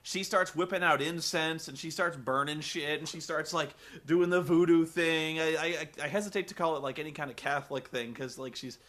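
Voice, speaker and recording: A man's voice: on the high side, fairly quick, few pauses, a bit bright. A man giving a comedic film review in a rambling, profane way, full of fillers.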